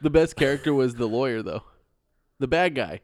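A man's voice: mid-range voice, lively intonation, fairly quick. A man in his thirties co-hosting a podcast in casual chat, rambling and restarting his sentences. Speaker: podcast co-host.

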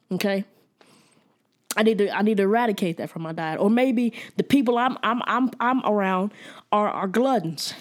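A woman teaching a Bible study in a casual, conversational way, often repeating words and checking in with "okay?". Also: mid-range voice.

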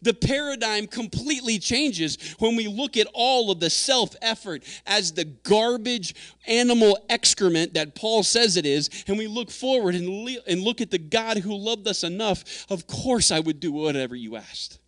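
A man's voice: high-pitched, moderate pace, a bit bright, no echo, studio quality. A man preaching a sermon in an earnest, conversational way, acting out quotes as he goes. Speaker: pastor.

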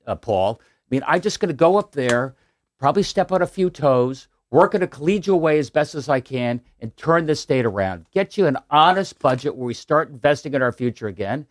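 A man's voice: a little high, dry recording. A man in his sixties, a political candidate answering radio interview questions in an upbeat, persuasive way with some restarts. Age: 60s. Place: radio studio.

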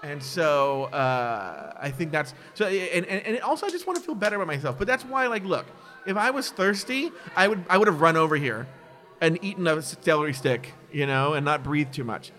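Speaking at a moderate pace, a podcast guest with a somewhat high voice chats casually. He relates personal stories openly and animatedly, occasionally doing mocking impressions when he quotes people.

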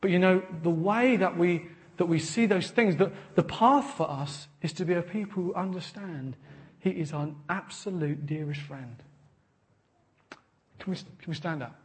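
A man preaching a sermon, earnest and animated, often repeating words as he builds to a point. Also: sits high, moderate pace. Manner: animated storytelling with acted quotes. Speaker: pastor.

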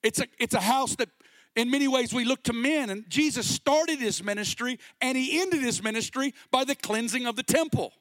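A middle-aged man preaching a sermon with passion, sometimes rising to a shout. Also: very high-pitched, moderate pace, dry recording. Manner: impassioned, rising to shouts at peaks.

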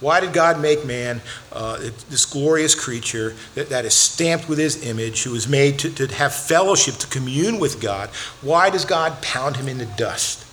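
A man's voice: mid-range voice, animated, moderate pace, a bit bright, a little hiss or hum. Earnest man preaching a sermon. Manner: earnest, repeats words when stressing a point; talks directly to children in the congregation. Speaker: pastor.

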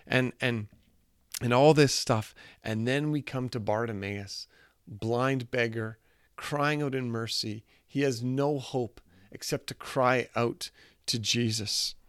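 A man's voice: mid-range voice, fairly even intonation, unhurried, clean tone, no room sound. Earnest man preaching, dry sound. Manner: earnest, retelling scripture with quoted lines and repeated phrases. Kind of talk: sermon.

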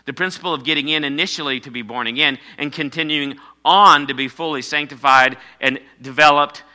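Male pastor, sermon delivery, emphatic, slightly high and sharp-toned voice. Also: brisk. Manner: emphatic preaching, repeating key phrases.

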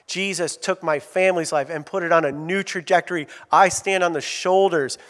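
A man preaching a sermon as pastor, animated, drawing call-out answers from the congregation. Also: a little high, normal speed. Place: church sanctuary. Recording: long reverb of a church hall.

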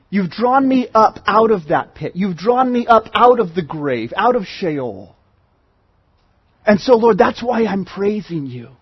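Husky high-pitched guy preaching, chatty and earnest, dry muffled sound. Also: no echo. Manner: earnest, conversational preaching with repeated restarts. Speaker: pastor. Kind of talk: sermon.

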